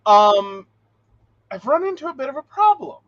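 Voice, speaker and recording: An animated male co-host shares stories on a laid-back podcast, often laughing and performing the quotes he relates. His pitch is extremely high, his speed normal, and the highs in the audio are cut off.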